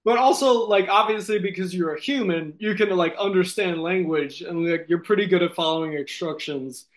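High-voiced man rambling through a comic story. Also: normal speed. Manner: rambling, giggly, many fillers. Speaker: improv storyteller.

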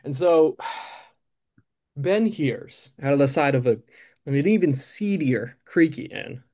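Guy rambling through an improvised funny story, mellow warm tone, lots of likes and ums. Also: fairly high pitch, expressive, takes it slowly. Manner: rambling, filler-heavy.

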